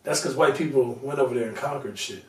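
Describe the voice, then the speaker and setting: A man's voice: medium pitch, fast talker, reverberant, far from the mic. A man co-hosting a podcast, chatting casually and teasing his partner in loose slang. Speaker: podcast co-host. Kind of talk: casual banter.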